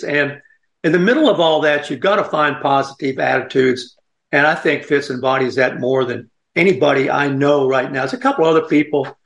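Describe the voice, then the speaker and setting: A man's voice: medium pitch, vocal fry, fairly bright tone, echoey room. An older man hosting a radio talk show, chatting in a folksy, rambling way and laughing often. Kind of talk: casual radio chat.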